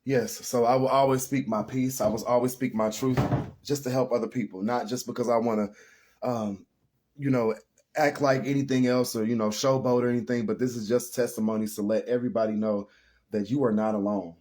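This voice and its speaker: A man's voice: mid-range voice, fairly even intonation, fairly quick, a little mellow. A man giving a casual spiritual tarot reading to viewers, talking in an earnest, emotional and rambling way. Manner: addresses viewers as y'all. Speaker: tarot reader.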